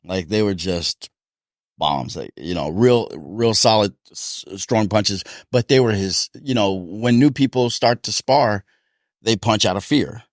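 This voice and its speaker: A man's voice: lowish voice, a little slow, dry recording, studio quality. A man co-hosting a casual talk show, telling sparring stories with frequent laughter. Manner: laughing storyteller, animated. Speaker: podcast co-host, boxer. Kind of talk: casual chat.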